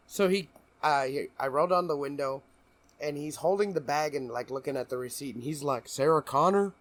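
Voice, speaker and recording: A man's voice: fairly high pitch, normal speed. Giggly man telling a story. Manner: laughs often while telling a story. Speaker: podcast co-host. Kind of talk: casual chat.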